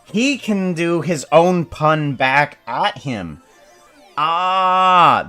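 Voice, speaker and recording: A man's voice: mid-range voice, bright, forceful tone. A man thinking aloud as he plans an animation, musing and correcting himself with many fillers. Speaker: animator planning a script. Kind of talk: thinking aloud while working.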